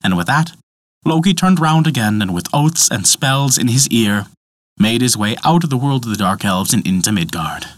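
Expressive male storyteller, dry close sound. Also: mid-range voice, normal speed, dry recording. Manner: dramatic, expressive. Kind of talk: storybook narration.

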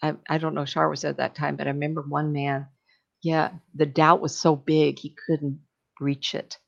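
A woman's voice: low voice, level tone, moderate pace, creaky, muffled recording. A middle-aged woman, a psychic medium, telling stories in casual chat, laughing often and acting out voices.

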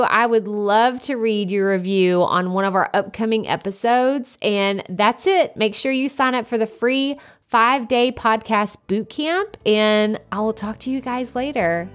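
A woman hosting a solo podcast, talking loudly and energetically in a casual, chatty way into a close microphone. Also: a little high, normal speed, soft background music. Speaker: podcast host. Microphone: studio podcast microphone up close.

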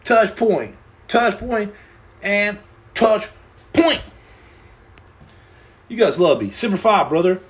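A young man hosting a livestream from a room at home, answering viewer comments with boastful deadpan jokes and tall tales. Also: sits high, takes it slowly, pauses often. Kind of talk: joking livestream chat.

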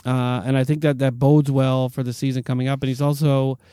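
A young adult man hosting a sports chat, reading team news haltingly with many fillers and repeated words. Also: medium pitch, level tone, dark tone, smooth, no echo, clean studio sound.

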